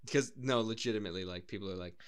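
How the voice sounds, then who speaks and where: A man's voice: on the low side, racing, a crowd in the background. A young man chatting casually on a podcast, rambling and swearing freely. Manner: rambling, swears often, mimics callers. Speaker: podcast co-host. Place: Cardiff, Wales.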